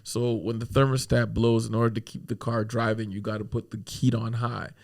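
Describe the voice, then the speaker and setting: A man's voice: medium pitch, a little fast, creaky. Man, podcast guest, loose storyteller who cracks himself up mid-sentence, salty language, mid-range voice. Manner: animated, laughs through his own story; swears freely. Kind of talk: casual storytelling.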